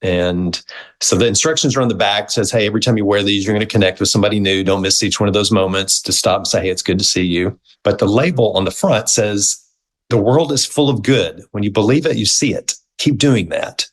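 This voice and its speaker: A middle-aged man, a guest on an interview show, telling his story in a casual, animated way and acting out the quoted dialogue. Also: lowish voice, fairly quick, rough recording. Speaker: guest, movement founder.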